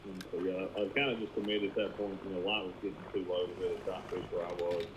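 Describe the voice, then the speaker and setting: Man, very deep voice, laid-back angler, rambling, faint background noise. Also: flat delivery, very fast. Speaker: guest angler. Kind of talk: casual chat.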